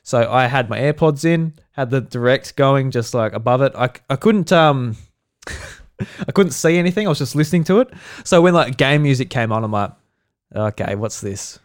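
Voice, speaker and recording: A man's voice: mid-range voice, animated, normal speed. Laughing Australian man co-hosting a podcast. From South Australia. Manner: laughs often, swears, acts out quotes. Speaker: podcast co-host. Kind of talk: casual chat.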